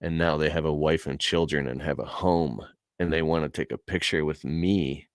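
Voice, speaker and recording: A man's voice: a bass voice, steady tone, moderate pace, dry recording. A man telling a personal story in a casual, heartfelt way, earnest and emotional, with casual slang.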